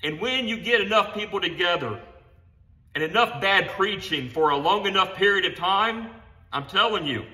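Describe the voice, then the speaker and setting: A man preaching an impassioned sermon in his home garage. He punctuates his points with "Amen" and "honey" and stumbles into quick restarts. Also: sits high, animated, sharp tone. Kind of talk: fervent sermon. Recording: echoey garage room sound.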